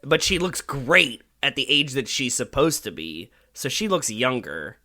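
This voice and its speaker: Bright-voiced man rambling in casual chat. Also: medium pitch, expressive, unhurried. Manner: rambling, many fillers, swears casually. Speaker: podcast co-host.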